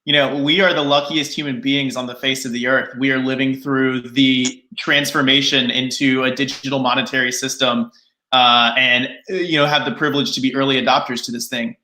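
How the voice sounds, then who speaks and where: A man's voice: mid-range voice, flat delivery, fairly quick, sharp tone. A man speaking as a panel guest, earnest and evangelizing. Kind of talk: casual panel chat. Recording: echoey room.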